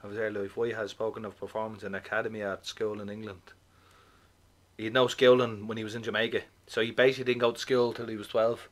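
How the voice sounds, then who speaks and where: A man co-hosting a podcast in casual chat, animated and swearing, often asking "you know what I mean". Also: lowish voice, fast talker. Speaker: podcast co-host.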